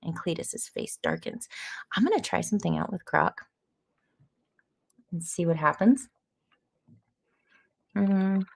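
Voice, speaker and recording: A woman's voice: lowish voice, expressive, slow pace, gravelly, long pauses. A woman hosting a casual live stream of an AI text adventure, chatting loosely with lots of fillers and greeting viewers.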